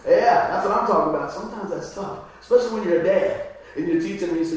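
Talking fast in a high voice, a man delivers a conversational sermon as a pastor, frequently checking with the crowd by saying "right?" Captured in an echoey church hall, he sounds distant.

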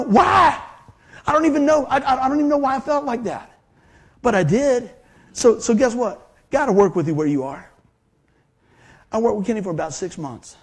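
A man preaching a sermon, telling stories in an animated way that swings from hushed to loud. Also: high-pitched, breathy edge.

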